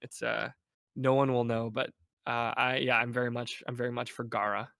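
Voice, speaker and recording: A man chatting casually as a guest on a podcast, animated and playful, slipping into mock voices. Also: mid-range voice, normal speed, vocal fry. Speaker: guest, game developer.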